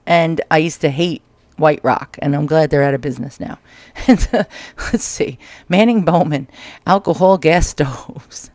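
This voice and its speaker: A slightly high-voiced man with a New York accent hosts a casual vlog read-through of old magazine ads, peppering it with crude jokes. He records at home in a small space with no room sound, and a dryer taps in the background.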